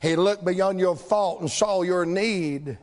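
A man preaching a sermon in a church, rhythmic and building to shouts, acting out the voices in the story. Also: high voice, takes it slowly. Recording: long hall reverb.

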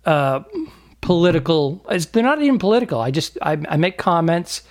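Lively-pitched rambling podcast co-host man. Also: normal speed. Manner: rambling, laughs often, self-deprecating. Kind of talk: casual comedy podcast chat.

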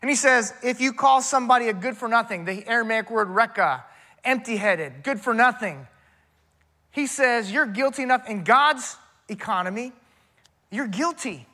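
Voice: medium pitch, expressive, moderate pace, pushed and bright. A pastor preaching a sermon in a folksy, conversational way, talking straight to the congregation with emphatic repetition and rhetorical questions.

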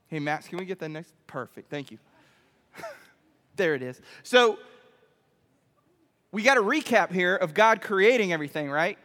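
A man preaching a playful sermon to a youth group, animated and constantly checking in with the room. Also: sits high. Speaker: youth pastor. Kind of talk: playful sermon with audience demo. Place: church hall. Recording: echoey hall reverb.

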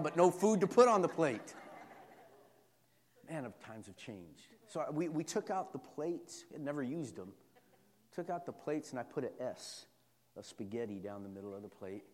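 A pastor preaching a sermon, moving from quiet personal storytelling to loud, repetitive call-and-response preaching. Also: male voice, medium pitch, big-room sound.

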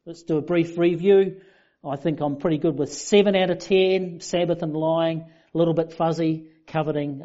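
Mellow-voiced preacher, lo-fi. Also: male voice, fairly high pitch. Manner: conversational, self-deprecating humour. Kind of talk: sermon. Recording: dull lo-fi sound.

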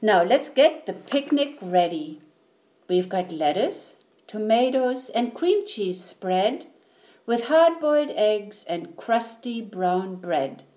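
A woman voicing a cheerful, dismissive mother in a storybook, brisk and reassuring. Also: mid-range voice, animated, darkish tone.

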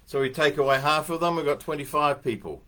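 A man's voice: fairly high pitch, fairly quick, bright, forceful tone. An older man giving a casual motivational morning talk, telling anecdotes and musing aloud with fillers as he goes.

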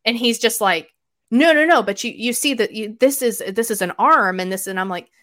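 A woman chatting as a podcast guest, telling stories in an animated way with sudden jumps in loudness. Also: mid-range voice. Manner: animated storyteller, quick shifts in loudness. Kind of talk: casual chat.

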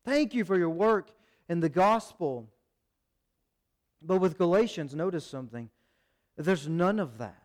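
A man preaching a sermon as pastor, urgent and animated, acting out little quotes. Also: a little high, measured pace, long pauses.

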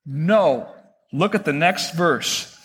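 A man's voice: on the high side, lively intonation, slow pace, a bit bright, husky, long reverb tail. A pastor in his sixties preaching a sermon in a conversational way, asking his listeners questions.

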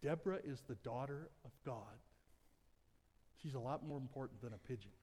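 A man preaching a sermon as pastor, with humor, moving between soft conversational asides and loud emphatic passages. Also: mid-range voice, normal speed, slightly rough. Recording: long church hall reverb.

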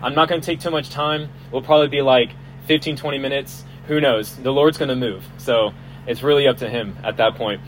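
A man's voice: medium pitch, steady tone, brisk, rough recording. A man preaching a casual, joking sermon at an outdoor festival, often restarting his words. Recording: outdoor recording, faint hum and passing vehicles.

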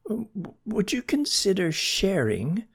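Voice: mid-range voice, huge pitch swings, slow pace, gravelly, breathy edge, voice pushed up, full character voice. A storyteller voicing a polite, hungry young male banana slug in a children's story. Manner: polite, hesitant.

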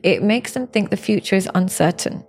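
A woman's voice: medium pitch, normal speed, darkish tone. A woman, a relationship coach speaking as a podcast guest, telling stories in an earnest, emotional way. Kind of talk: candid podcast interview.

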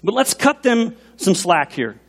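An animated man preaching from a pulpit in a fairly high voice. He questions his congregation directly, and a long echo trails each phrase through the church hall. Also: a little slow, vocal fry. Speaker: pastor. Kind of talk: sermon. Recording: long reverb in a large hall.

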